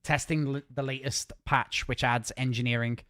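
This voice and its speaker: On his gaming livestream, a northern English man banters casually and jokily at speed, frequently restarting himself. His medium-pitched voice is steady in tone, pushed and bright.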